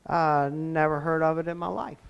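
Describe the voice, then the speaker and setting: A preacher voicing a bewildered thief who answers in a hesitant, plain-spoken way. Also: male voice, on the high side, little pitch movement, moderate pace, creaky, clean tone, muffled recording. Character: bewildered dying thief, adult man.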